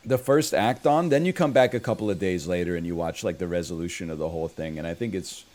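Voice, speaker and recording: A low-voiced young man talks fast, his tone a little mellow, as he plays a game and chats. Joking and rambling throughout, he drifts into riffs and throws in mock screams.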